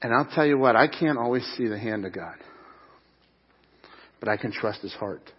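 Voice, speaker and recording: A man's voice: mid-range voice, normal speed, husky, muffled recording. A middle-aged man preaching a sermon at a church service, earnest and emphatic, with repeated phrases. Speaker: pastor.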